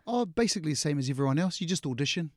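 A middle-aged actor with a New Zealand accent, a guest on an interview, rattles off casual stories in a voice on the high side. He acts out quotes and laughs often. The studio sound is clean with no room sound.

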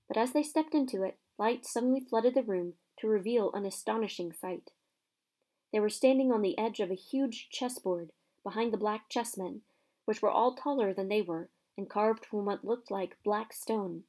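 Female storybook narrator; expressive, lively read-aloud. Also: medium pitch, moderate pace. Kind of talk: reading a children's fantasy novel aloud.

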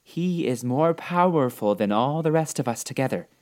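A man voicing a small, kind old woman who is a good witch, speaking calmly and reassuringly in a storybook reading. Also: mid-range voice, normal speed, natural voice. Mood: kindly. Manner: calm, gently reassuring.

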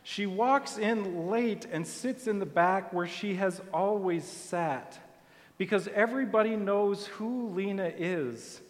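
Brief: male preacher, high voice, slow storytelling sermon, reverberant sanctuary. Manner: storytelling, soft and deliberate. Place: church sanctuary. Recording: long hall reverb.

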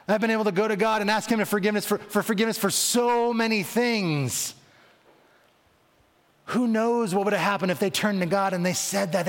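A man preaching a sermon and retelling a story with dramatic voicing of its characters. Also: high voice. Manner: dramatic, voicing biblical figures in quotes. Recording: long reverb of a large hall.

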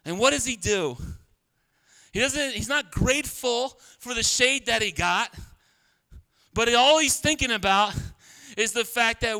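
A pastor preaching a sermon in a humorous, conversational way, laughing often. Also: male voice, very high-pitched, slow, pauses often, pushed and bright, clean tone. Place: church.

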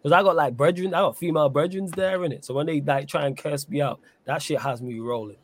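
A man's voice: on the high side, fast talker. Joking man hosting a stream. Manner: laughs a lot, loud and joking. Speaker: stream host. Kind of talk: casual live-stream chat.

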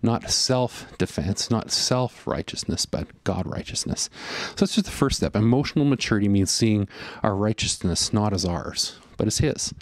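Earnest low-voiced male preacher, dry sound. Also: moderate pace, no room sound. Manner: earnest, conversational, with fillers and voiced inner monologue. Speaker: pastor. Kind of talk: sermon.

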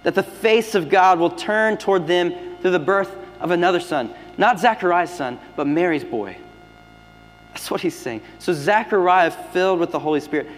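A man preaching a sermon as pastor, swinging between loud emphatic lines and hushed, near-whispered ones. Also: on the high side. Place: church sanctuary. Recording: long hall reverb with faint music.

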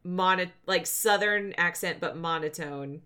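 A woman's voice: lowish voice, a little slow, bright, forceful tone, clean tone. A woman co-hosting a casual podcast, recapping a TV episode in a chatty way and laughing often. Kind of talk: casual chat.

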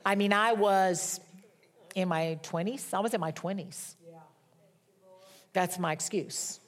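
Middle-aged woman preacher, slightly low-pitched, candid and self-mocking storyteller. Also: slow pace. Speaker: pastor. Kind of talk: sermon.

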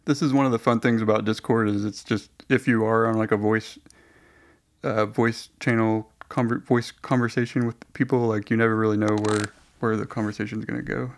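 A man's voice: fairly low pitch, flat delivery, brisk. A man hosting a casual online voice chat, rambling with many hesitations. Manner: rambling, hesitant, lots of restarts and likes. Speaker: podcast host.

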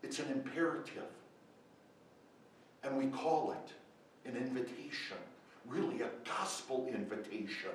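Male pastor, sermon delivery, loud emphatic peaks and hushed asides, distant mic in a very reverberant church. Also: animated, unhurried, long pauses, a little hiss or hum. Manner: swings between loud emphatic questions and quiet low asides. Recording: very echoey church from far off.

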